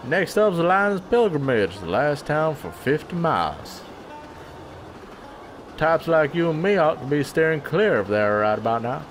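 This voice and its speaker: A man's voice: on the high side, very animated, moderate pace, soft background music. Man putting on a drawling Southern banjo player. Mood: grumbling. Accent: put-on Southern US. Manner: drawling, grumbling monologue. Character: weary male banjo player, drifter, bitter about the company town.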